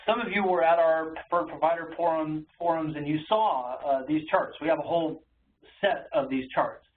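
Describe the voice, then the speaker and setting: A man's voice: on the high side, normal speed. A man giving an educational webinar presentation in a conversational way, with frequent ums and uhs. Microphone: webinar call audio. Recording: tinny phone-like webinar audio with faint noise.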